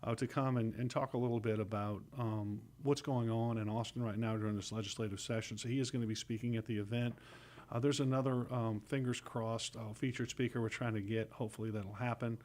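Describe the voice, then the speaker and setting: A man's voice: medium pitch, steady tone, fairly quick, a little mellow. A man from New Orleans, a realtor, guesting on a radio show in an easygoing, joking manner. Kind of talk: casual radio interview chat.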